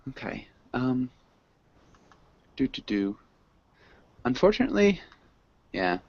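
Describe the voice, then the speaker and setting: A man leading a classroom discussion, explaining poetry slowly and haltingly with many ums. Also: medium pitch, big pitch swings, vocal fry, darkish tone, dry recording. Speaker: teacher. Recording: dull lo-fi classroom recording.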